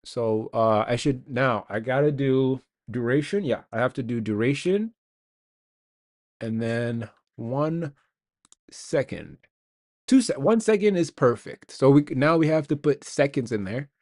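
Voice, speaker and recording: A young man codes games on a live stream, speaking at a measured pace in a medium-pitched, expressive voice with a darkish tone. His casual chat is rambling and self-mocking, and he talks to himself as he works.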